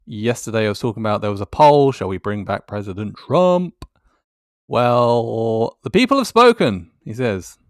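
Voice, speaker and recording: A man's voice: fairly low pitch, dry recording, studio quality. A man giving casual, sardonic commentary on tweets, swearing and laughing as he goes. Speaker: YouTuber.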